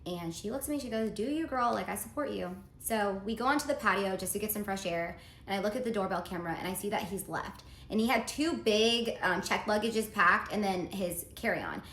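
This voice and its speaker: Woman, casual storytime monologue, confiding, mid pitch, roomy echo. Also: fairly quick, few pauses, a bit bright. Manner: earnest, reads out text messages, confiding. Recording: roomy echo, faint background noise.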